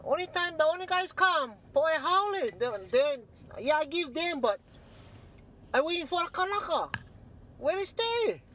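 A man's voice: extremely high pitch, measured pace, slight background noise, voice pushed up, heavily acted. A man putting on the voice of an older island uncle who grows plants, talking in Hawaiian Pidgin with emphatic feeling. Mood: aggrieved. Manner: excited, emphatic storytelling.

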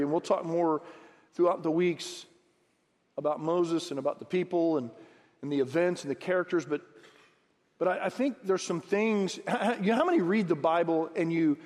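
High-voiced male preacher in a reverberant hall. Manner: lively preaching, acting out Bible dialogue with rising pitch. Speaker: pastor. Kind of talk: sermon.

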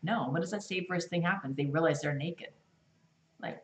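A woman teaching a Bible study, reading verses aloud and acting out lines with lively, expressive delivery. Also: fairly low pitch, normal speed. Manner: animated, acts out voices while reading scripture. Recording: echoey room, voice from a distance.

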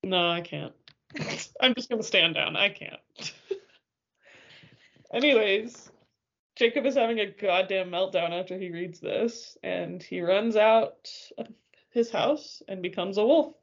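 A woman's voice: medium pitch, measured pace, long pauses, a bit bright, dull audio. A woman co-hosting a podcast in casual chat, wry and teasing, laughing often. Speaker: podcast co-host.

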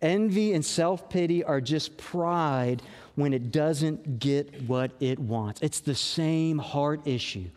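A man's voice: a little high, slow, darkish tone, long reverb tail. A man preaching a sermon as pastor, earnest and conversational, with emphatic rises.

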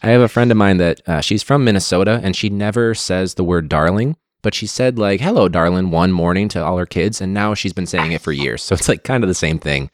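Chicago guy hosting a podcast, really low voice, laid back and rambly, dry close sound. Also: a little fast, hardly any pauses, no echo. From United States. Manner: relaxed, rambling, chuckles at himself. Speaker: podcast host. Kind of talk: casual interview chat.

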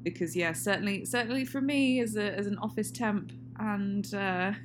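A woman's voice: medium pitch, normal speed. Chatty woman, laughing often. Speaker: podcast co-host. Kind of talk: casual chat. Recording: faint hum and noise.

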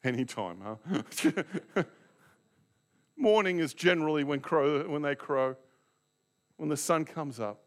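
A man's voice: fairly high pitch, animated, slow pace, long pauses. A man preaching a sermon as a Baptist pastor, telling the story dramatically and acting out the scenes.

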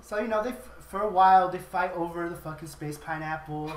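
Laughing a lot and acting out the lines, a podcast host rambles profanely through a movie retelling. His high-sitting voice is brisk and sounds off-mic in a roomy setting, with crowd chatter and slight background noise.

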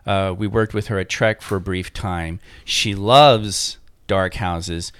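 A man co-hosting a casual chat, telling an animated story and acting out what people said. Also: low voice, slow pace, smooth, dry recording. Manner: animated storyteller, acts out quotes.

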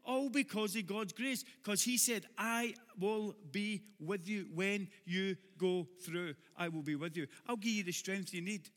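A man with a Glaswegian accent preaching a sermon to a congregation, with humorous asides that build to shouted exhortation. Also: sits high, unhurried, few pauses, in a large hall. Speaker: pastor.

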